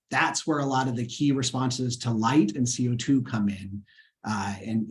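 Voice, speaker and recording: A man, a scientist, giving an earnest lecture over a video call webinar and answering questions, with frequent fillers and restarts. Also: mid-range voice.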